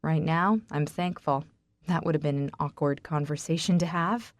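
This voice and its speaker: A woman reading a first-person romance audiobook in an intimate, steady way. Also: sits low, normal speed, no echo. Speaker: audiobook narrator.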